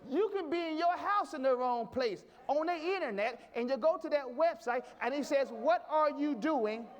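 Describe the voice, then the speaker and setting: Man, pastor, sermon, high voice, drawn-out emphatic questions. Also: expressive. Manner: emphatic preaching with repeated questions.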